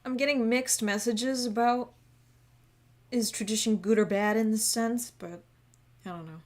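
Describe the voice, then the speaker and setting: A woman's voice: a little high, fairly even intonation, measured pace, background noise. Laid-back woman streamer, self-mocking. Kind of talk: casual gameplay commentary. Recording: loud game music behind.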